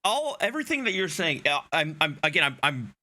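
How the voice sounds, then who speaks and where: A man hosting an interview, breaking in with brief questions and stammering through his restarts. His voice has a bright tone and swings widely in pitch. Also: very animated, fairly quick. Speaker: host.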